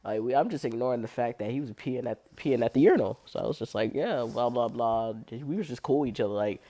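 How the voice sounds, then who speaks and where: A young woman with an unusually low voice, telling a blunt, profane story about her cleaning job in a casual vlog. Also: expressive, fast talker, dark tone. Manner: blunt, profane, heavy use of "like", laughs often. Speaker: restroom and locker room cleaner.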